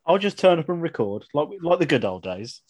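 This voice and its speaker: A man's voice: fairly high pitch, sing-song, fairly quick, a little mellow. A man with a Birmingham accent co-hosting a podcast, sleepy and laid-back, bantering dryly and swearing now and then. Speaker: podcast co-host. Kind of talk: casual chat.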